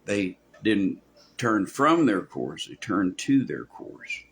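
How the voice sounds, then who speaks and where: A man's voice: on the low side, sing-song, takes it slowly, a bit bright. A man preaching a verse-by-verse sermon in a folksy way, acting out quoted voices, with many restarts. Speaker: pastor. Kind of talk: expository sermon.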